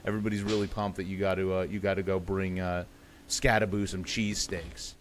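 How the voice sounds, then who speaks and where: A man's voice: low-pitched, flat delivery, a little fast, a little hiss or hum. A man co-hosting a sports podcast, chatting casually and rambling with sarcastic asides. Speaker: podcast co-host.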